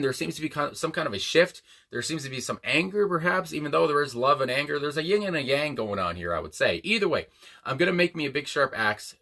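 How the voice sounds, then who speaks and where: Male reaction host, bright tone, rambling and chatty. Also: mid-range voice. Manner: rambling, many fillers and restarts. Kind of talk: casual reaction commentary.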